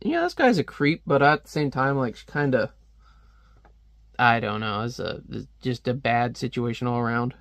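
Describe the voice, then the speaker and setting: A man's voice: medium pitch, lively intonation, normal speed, creaky, a bit bright, dry recording, studio quality. A man chatting casually as a comic reviewer, rambling with lots of fillers and frequent laughs. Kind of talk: casual commentary.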